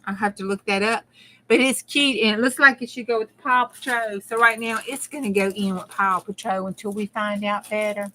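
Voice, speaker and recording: A woman's voice: medium pitch, steady tone, normal speed, bright, forceful tone, slight background noise. A middle-aged woman with a Southern US accent, chatting casually with her viewers during a crafting stream and laughing often. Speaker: crafting channel host. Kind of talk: casual crafting livestream chat.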